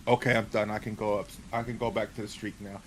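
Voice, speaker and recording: A man's voice: on the low side, level tone, quick pace, a bit bright, slight background noise, rough recording. A man playing in a tabletop game, chatting casually in a playful, jokey way. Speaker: player.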